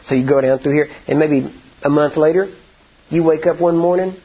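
A husky, breathy-voiced man preaching with folksy storytelling that builds to forceful declarations. The recording sounds dull and lo-fi. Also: on the high side. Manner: folksy, drawn-out storytelling, rising to emphatic declarations. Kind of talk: sermon with storytelling.

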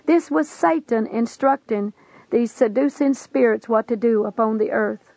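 Gravelly earnest woman preacher. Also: a little high, measured pace, darkish tone, no room sound, rough recording. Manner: solemn, earnest storytelling with old-fashioned scriptural wording. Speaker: preacher recounting a vision. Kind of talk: testimony sermon.

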